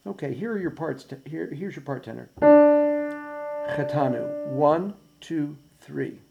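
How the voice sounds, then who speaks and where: A man's voice: a little high, expressive, unhurried, gravelly. A man as a choir director giving precise, patient rehearsal instructions and counting in beats, with piano played alongside. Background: piano playing.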